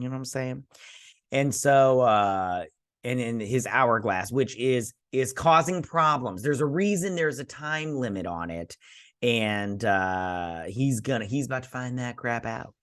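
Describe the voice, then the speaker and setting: A man's voice: medium pitch, expressive, unhurried, a bit bright. A man hosting a casual episode recap and review, rambling with lots of fillers as he paraphrases the characters. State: sleepy, yawning. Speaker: host.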